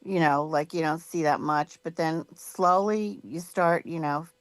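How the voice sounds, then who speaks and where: A woman's voice: deep voice, measured pace, no echo. A woman being interviewed in a casual chat, rambling and filling her talk with "you know" and "like". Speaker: guest.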